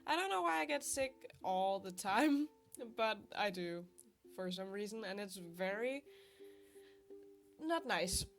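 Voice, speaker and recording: A woman's voice: medium pitch, lively intonation, slow. A young woman with a sick voice, chatting casually and laughing at herself as she narrates her drawing process. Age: young adult. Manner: chatty, self-deprecating, laughs often. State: sick, congested voice. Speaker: art vlogger. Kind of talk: casual voice-over while drawing. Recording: faint guitar music behind. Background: soft guitar music.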